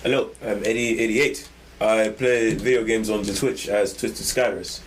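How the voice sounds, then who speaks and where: A man's voice: on the low side, fairly even intonation, moderate pace, slight background noise, poor audio. A man co-hosting a casual podcast, trading dry, playful banter. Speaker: podcast co-host. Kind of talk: casual chat.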